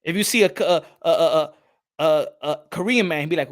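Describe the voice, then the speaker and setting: A man hosts a podcast in a casual, animated way, repeating words and acting out little exchanges. He slips into Spanish phrases now and then, and his voice sits a little on the high side. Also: a little fast. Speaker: podcast host. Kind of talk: casual talk.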